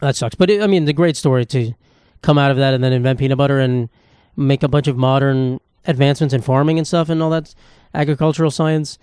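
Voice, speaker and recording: Fast-rambling profane man hosting a podcast. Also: mid-range voice, fairly even intonation, a little mellow, smooth, no echo, clean studio sound. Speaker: podcast host. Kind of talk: casual solo comedy podcast monologue.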